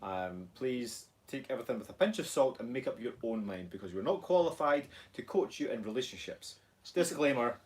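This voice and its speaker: A Scottish man co-hosting a casual live stream, reading viewer comments aloud with a relaxed, hesitant, blunt manner. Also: mid-range voice, a little fast. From Scotland. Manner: relaxed, hesitant, many ums, blunt swearing advice.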